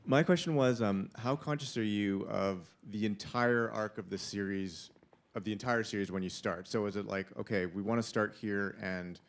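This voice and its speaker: A man's voice: lowish voice, moderate pace, slight background noise. A man in the audience asking a long question, thinking it through as he speaks. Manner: searching, thinking aloud.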